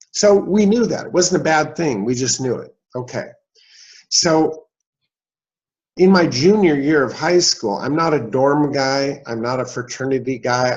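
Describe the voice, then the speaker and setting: A man in his sixties tells a long story as an interview guest and slips into the voices of the people in it. His voice sits at an average pitch. The recording sounds a little dull and lo-fi. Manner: animated storyteller, acts out dialogue. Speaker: guest, real estate investor.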